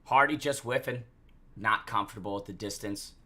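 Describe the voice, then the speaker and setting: A man's voice: fairly low pitch, moderate pace, sharp tone. A man co-hosting a casual fight-watch stream, breaking down the action in a laid-back, analytical way. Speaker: guest co-host.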